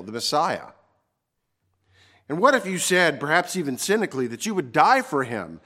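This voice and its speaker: A male pastor delivering a sermon in a slightly higher-than-usual voice. He preaches with earnest emphasis and slows down to drive key words home. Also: a bit bright.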